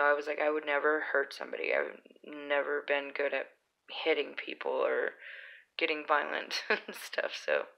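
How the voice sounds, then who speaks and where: A young woman from Utah rambles through stories in a casual vlog, chatty and packed with fillers. Her deep voice is creaky yet bright, with a forceful tone. The recording quality is low.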